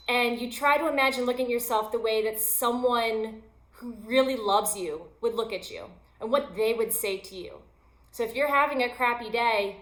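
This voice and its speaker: A woman with a fairly high voice gives an upbeat, chatty motivational talk, teasing herself as she goes. She talks like a yoga teacher coaching her listeners. Her voice bounces around an echoey room. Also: a bit bright. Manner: upbeat, chatty, self-deprecating humor. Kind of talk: motivational self-help talk.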